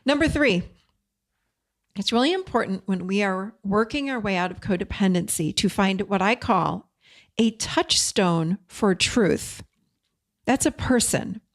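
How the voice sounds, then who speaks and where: Woman podcast host giving advice, earnest and direct, chatty, lots of "you know". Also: a little high. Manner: earnest, direct coaching with personal anecdotes. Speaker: podcast host and codependency coach.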